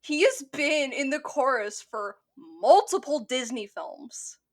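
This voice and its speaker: Co-hosting a film podcast, a woman with a high, animated voice takes things slowly as she reviews a film in casual chat. She swears freely, says "like" a lot, and laughs often.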